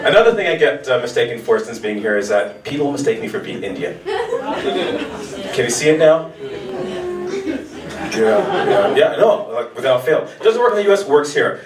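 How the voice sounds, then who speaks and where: Lively streetwise American stand-up comic. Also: male voice, fairly high pitch, normal speed, long pauses, a loud crowd. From United States. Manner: loose, streetwise, punchy, swears freely. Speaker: stand-up comedian. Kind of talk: stand-up comedy set. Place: restaurant showcase stage. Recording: echoey room from far off, light noise.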